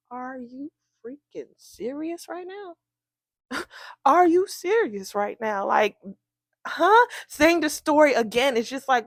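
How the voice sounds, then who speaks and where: A woman telling a storytime tale in an animated, incredulous way, acting out the people she quotes. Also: fairly high pitch, dry recording. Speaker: storytime vlogger. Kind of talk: casual storytime.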